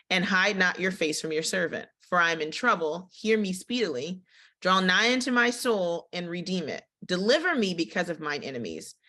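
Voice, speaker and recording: A woman teaching a casual Bible study who reads scripture aloud and then breaks off into animated, conversational commentary. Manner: expressive, with big swings in pitch and tempo.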